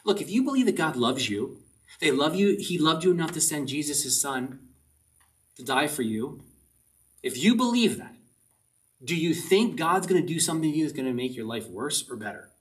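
This pastor's sermon comes in a fairly high, sing-song voice at an ordinary pace. He's earnest, pounding his message with brief repeated commands before a church service congregation, his voice caught a little away from the microphone.

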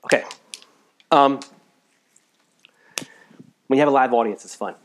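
A man from the United States preaching a live sermon in a conversational way, swinging between emphatic bursts and quiet asides, a little tired. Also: mid-range voice, a little slow, slight background noise. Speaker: pastor.

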